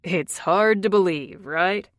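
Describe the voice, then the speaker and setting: A woman's voice: on the low side, slow, dry recording, clean studio sound. A woman voicing a cocky, teasing young man. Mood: wry.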